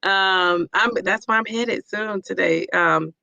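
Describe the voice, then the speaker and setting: A woman's voice: mid-range voice, takes it slowly, gravelly, pushed and bright, no echo, highs cut off. A middle-aged woman hosting a casual live-stream chat, reading viewer comments aloud and cheering people on.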